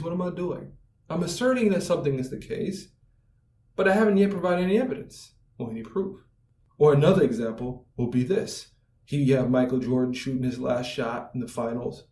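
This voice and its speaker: A man's voice: medium pitch, a little mellow. A man giving an explanatory video lecture on writing, posing rhetorical questions and answering them, acting out everyday scenes. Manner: acts out everyday scenes in quoted voices. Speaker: writing instructor. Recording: echoey room, voice from a distance.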